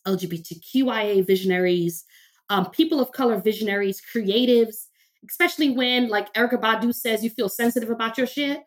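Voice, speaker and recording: A woman therapist and minister, a podcast guest, talking emphatically with preacher-like repetition. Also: on the high side. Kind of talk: conversational interview.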